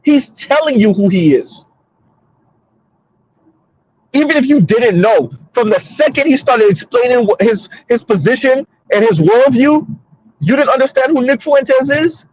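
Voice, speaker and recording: A man's voice: extremely high pitch, lively intonation, measured pace, a little mellow, dry recording, dull audio. A man hosting a casual commentary monologue from his car, emphatic and repetitive, talking straight to listeners. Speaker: commentary host. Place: in a car on the road.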